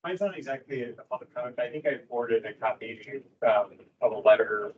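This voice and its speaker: A man's voice: medium pitch, a little fast, a crowd in the background. A man on a commission raising a matter in a meeting, speaking in a tentative, hesitant way. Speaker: commission member. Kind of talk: meeting discussion. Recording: muffled lo-fi audio with background noise.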